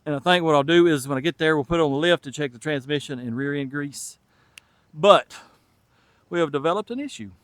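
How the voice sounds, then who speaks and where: A man from Tennessee, a mechanic and channel host, speaks in a Southern US accent while fixing an old truck in his garage, talking casually to the camera and thinking aloud. His voice is fairly high and brisk, with no echo.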